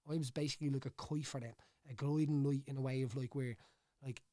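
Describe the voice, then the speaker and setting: A man's voice: mid-range voice, steady tone, fast talker, warm tone, no room sound, studio quality. A man with a Dublin Irish accent, a podcast guest talking casually and rambling, with stumbles, repeated words and "you know what I mean" tags. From Ireland. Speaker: podcast guest, former fighter. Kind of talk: casual chat. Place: studio.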